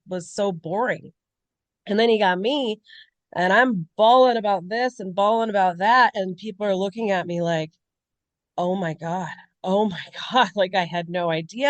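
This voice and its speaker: A woman's voice: medium pitch, dry recording. A woman co-hosting a podcast, talking candidly and in a rambling way about personal struggles in casual chat. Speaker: podcast co-host.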